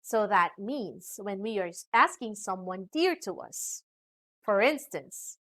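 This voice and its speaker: A woman with a Filipino accent teaching a lesson in a slow, sing-song voice with exaggerated intonation. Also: mid-range voice, animated, a bit bright. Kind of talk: scripted lesson narration.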